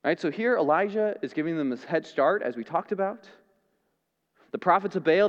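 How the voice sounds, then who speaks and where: Lively high-voiced preaching man. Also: brisk, long reverb tail, highs cut off. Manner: dramatic, swings from loud to hushed. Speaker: pastor. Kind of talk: sermon.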